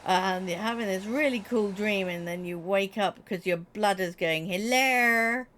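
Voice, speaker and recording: A woman's voice: mid-range voice, normal speed, slight background noise. Chatty woman live-streaming. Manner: chatty and animated, laughing, talking straight to chat. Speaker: Twitch streamer. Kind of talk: casual live-stream chat with viewers.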